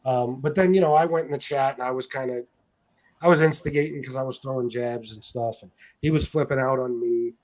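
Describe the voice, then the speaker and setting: Speaking fairly quickly at medium pitch with a darkish tone, this livestream host keeps his casual chat loose. He swears a lot and leans heavily on filler words.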